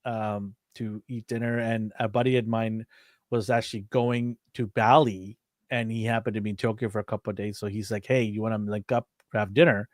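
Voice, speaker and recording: A man co-hosting a casual chat show, telling lively stories and acting out what people said, laughing often. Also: lowish voice, normal speed, no room sound, studio quality. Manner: animated storyteller, acts out quotes, laughs often. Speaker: co-host of a toy and anime show.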